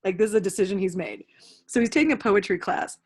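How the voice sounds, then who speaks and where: A young woman hosting a podcast in casual chat, an animated storyteller who swears freely. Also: medium pitch, quick pace, slightly rough. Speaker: podcast host.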